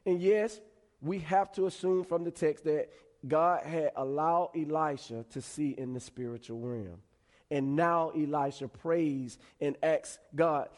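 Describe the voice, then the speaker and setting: A male preacher giving a conversational sermon with animated storytelling. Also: a little high, a little slow, big-room sound.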